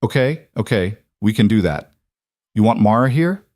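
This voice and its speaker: A man's voice: lowish voice, expressive, normal speed, a little mellow, no echo, close to an everyday voice. A man voicing a tough but tender cowboy father in an earnest, emotional way.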